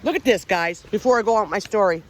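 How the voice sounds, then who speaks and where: A woman's voice: mid-range voice, fast. Woman rambling on a trail vlog, chatty, keeps getting sidetracked, swears a bit. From Pennsylvania, USA. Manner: chatty, rambling, easily distracted, swears casually. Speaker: paranormal vlogger. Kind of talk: casual walking vlog. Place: outdoors on a park trail.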